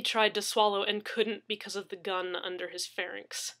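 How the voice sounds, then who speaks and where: A woman's voice: mid-range voice, level tone, fairly bright tone. A woman reading a science fiction story aloud as its narrator. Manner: slow, dramatic narration. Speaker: reader.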